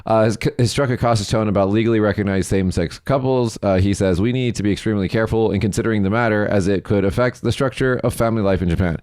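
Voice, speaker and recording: A man co-hosts a casual news podcast in a fairly low voice, picked up close and dry. He comes across blunt and sarcastic and swears freely as he rants about the stories. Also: fast talker, few pauses, darkish tone, clean tone, no room sound. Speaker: podcast co-host.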